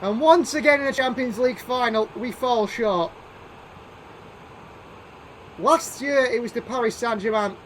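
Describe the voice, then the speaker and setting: A man giving play-by-play commentary over a football video game, calling names in short bursts and shouting when chances come. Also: very high voice, unhurried, long pauses, a little hiss or hum. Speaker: gaming YouTuber doing live commentary.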